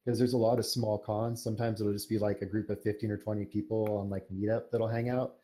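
Low, mellow-voiced young man chatting. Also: fast talker. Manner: relaxed, rambling with many fillers. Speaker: podcast guest, fan fiction writer. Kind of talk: casual interview chat.

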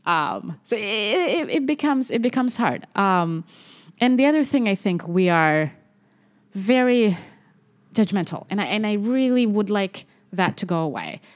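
A young adult woman, a doctor, talking in a relaxed podcast conversation, animated and acting out what people say. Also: mid-range voice, unhurried. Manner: animated, acts out quoted speech. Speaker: medical doctor guest.

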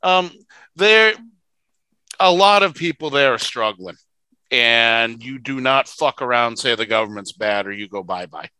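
A man's voice: medium pitch, animated, a little slow, bright, forceful tone, clean tone, no room sound, low-quality recording. A man co-hosting a casual podcast over a video call, joking and swearing freely. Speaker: podcast co-host.

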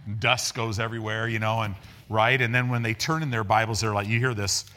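A man preaching a sermon in a folksy, animated way, acting out the people in his stories and repeating words as he builds each point. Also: brisk. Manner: animated, acts out dialogue with raised pitch. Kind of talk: sermon with storytelling.

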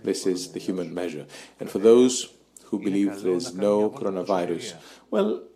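Low gravelly guy talking slow on a panel, lots of uhs and pauses. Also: very animated, a crowd in the background. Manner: halting, with many pauses and fillers. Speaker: panel discussion speaker. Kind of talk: live webcast panel discussion.

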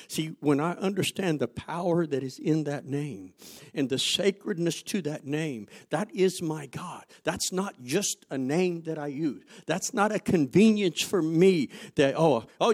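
A man preaching a sermon, asking the congregation rhetorical questions and telling stories from his own life, going from loud emphasis to quiet asides. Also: fairly high pitch. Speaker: pastor.

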